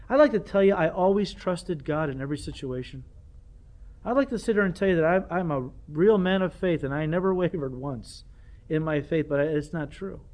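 An older man preaching a sermon, animated and self-deprecating, often repeating himself as he talks. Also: on the high side. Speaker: pastor.

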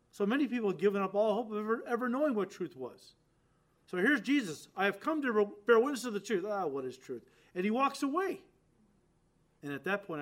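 This preacher's voice sits slightly above typical male pitch as he gives his sermon. He speaks straight to the congregation and dramatizes the lines he quotes, swinging emphatically from hard-stressed key words to soft, low phrase endings.

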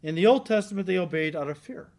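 A male pastor preaches an earnest, emphatic sermon to his church congregation in a high-pitched, animated, quick voice that is creaky and a little mellow. He repeats key lines for emphasis and often asks "right?"

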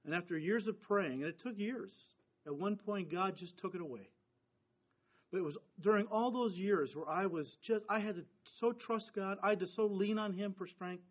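At a moderate pace and in a high-pitched voice, a middle-aged pastor from the US speaks to his church. The sermon is earnest and conversational, and the recording quality is dull and lo-fi.

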